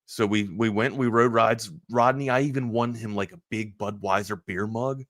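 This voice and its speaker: Man, sports talk host, bright edgy tone, dry close sound, rambling animated storyteller. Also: lowish voice, moderate pace, no room sound. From Maryland. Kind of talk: casual storytelling on a talk show.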